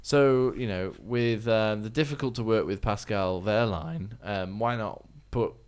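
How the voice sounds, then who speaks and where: A man co-hosting a casual motorsport chat podcast, chatty and laughing often, getting louder when excited. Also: lowish voice, unhurried, clean tone. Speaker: podcast co-host.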